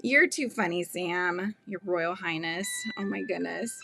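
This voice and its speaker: This livestream host has a lowish, creaky voice with a sharp tone, and she speaks unhurriedly over soft background music. She crochets while chatting with viewers, giggling as she reads their comments out loud.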